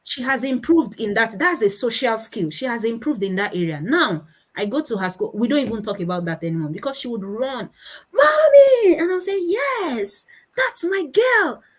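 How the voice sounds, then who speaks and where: A woman in her thirties with a Nigerian accent, giving a conference talk on children's speech and acting out her children's voices in animated anecdotes. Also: mid-range voice, a little fast, rough recording.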